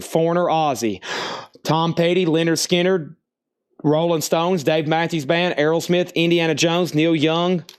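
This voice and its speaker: A man hosting a live-streamed vinyl record sale, briskly rattling off album titles, starting bids and who bought what. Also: fairly high pitch. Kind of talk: live-stream auction patter.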